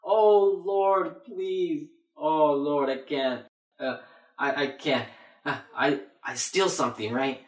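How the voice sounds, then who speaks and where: A man's voice: mid-range voice, a little slow, pauses often, a bit bright, recorded from a distance, natural voice. A man voicing a desperate repentant sinner who begs and stammers, in a roomy echo. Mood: pleading. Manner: begging, stammering.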